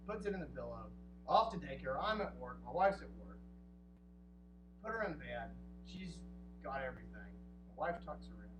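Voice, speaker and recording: A man in his thirties telling a funny true story on stage, lively and quick to slip into acted voices. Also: fairly high pitch. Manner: animated, jumps into acted voices. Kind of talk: live comic storytelling. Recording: roomy distant live recording with hum.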